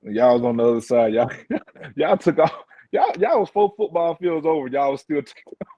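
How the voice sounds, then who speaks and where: A man's voice: fairly high pitch, very animated, normal speed, vocal fry, slightly rough, no room sound. A man guesting on a sports talk show, laid-back and laughing in casual banter, over a dull remote line. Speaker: guest, former football player.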